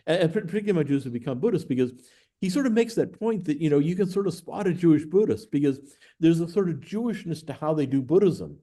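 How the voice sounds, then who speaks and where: A man with an American accent speaks as a podcast guest, warm and mellow in tone. He talks at an easy, thoughtful pace, pausing on filler sounds as he works through a story. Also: on the high side, animated. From United States. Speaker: guest, professor of Buddhist studies. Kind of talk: conversational storytelling.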